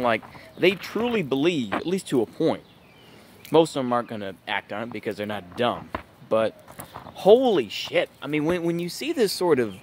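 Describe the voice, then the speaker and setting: This is a ranting vlog from a U.S. channel host and political commentator with a mid-range voice. He sounds exasperated and disbelieving, peppering his talk with "it's just like" and "bruh," over slight background noise.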